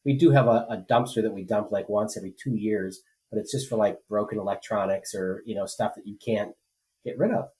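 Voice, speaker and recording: A man's voice: lowish voice, fairly quick, darkish tone, low-quality recording. A man co-hosting a political podcast, talking casually and rambling with many fillers and restarts. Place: rural home.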